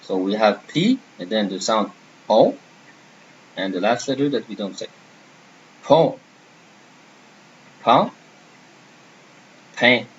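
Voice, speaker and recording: A man's voice: on the low side, animated, normal speed, lo-fi sound, slight background noise. A man teaching a beginner French lesson, patiently repeating and modeling each word.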